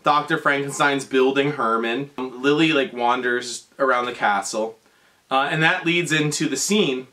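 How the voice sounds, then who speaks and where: A man's voice: medium pitch, measured pace, pushed and bright. A tipsy man rambling through a comedic drunken retelling of a movie, heavy on fillers and swearing. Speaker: drunk storyteller.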